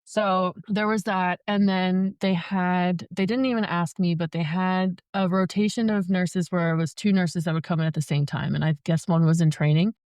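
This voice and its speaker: A woman's voice: fairly low pitch, steady tone, normal speed, hardly any pauses, a little mellow, dry recording, clean studio sound. A young woman telling her story as a podcast guest in casual chat, full of "like" fillers. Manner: chatty, many "like" fillers.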